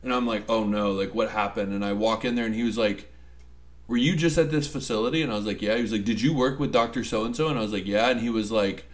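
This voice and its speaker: A man chatting casually, telling animated work stories and acting out the people in them. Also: lowish voice, quick pace. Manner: animated storyteller, acts out quotes. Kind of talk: casual podcast chat. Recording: roomy echo.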